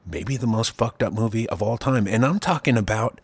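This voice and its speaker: A man co-hosting a casual chat, telling stories in an animated, profane way. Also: on the low side, a little fast, creaky, slightly rough, no room sound. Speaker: podcast co-host.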